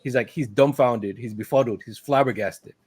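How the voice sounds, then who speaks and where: A man's voice: mid-range voice, moderate pace, breathy edge. A man in an average register talks his co-host through a film's plot in a loose, conversational way. He slips into quoted lines from the characters and breaks into laughter along the way. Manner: animated retelling, laughs often, quoting characters. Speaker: podcast co-host. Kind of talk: casual movie recap.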